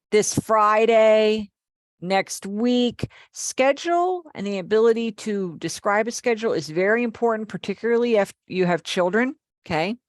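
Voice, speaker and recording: A woman's voice: mid-range voice, no room sound, clean studio sound. A middle-aged woman teaching a live online class, explaining patiently and checking in with her students. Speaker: sign language teacher.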